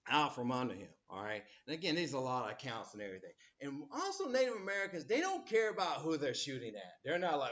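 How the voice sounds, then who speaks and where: A man's voice: fairly high pitch, very animated, moderate pace, a bit bright, lo-fi sound. A man teaching a history class, rambling with many fillers and acting out quotes as he lectures.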